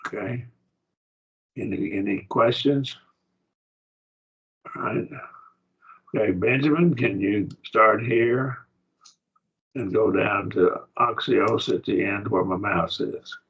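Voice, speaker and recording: Gravelly-voiced man teaching Greek grammar. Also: fairly low pitch, slow, pauses often, a bit bright, dull audio. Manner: patient, explaining step by step with frequent checks. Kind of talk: classroom lesson.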